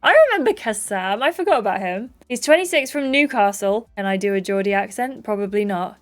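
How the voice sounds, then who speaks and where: A woman playing a story game, reading it aloud with bubbly, gushing, excitable commentary. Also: medium pitch, brisk, few pauses. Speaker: let's play gamer.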